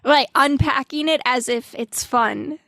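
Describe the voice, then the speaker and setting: A woman hosting a podcast with a slight northern US accent and a fairly high voice. She is playful and quick with short replies. The sound is dry and close-miked. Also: creaky, a bit bright, no room sound. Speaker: podcast host. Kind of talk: casual podcast chat.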